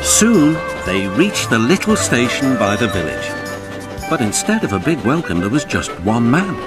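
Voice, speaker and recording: A man with a British accent, gently and expressively narrating a children's cartoon. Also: medium pitch, moderate pace. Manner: gentle and expressive, voicing every character himself. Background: background music.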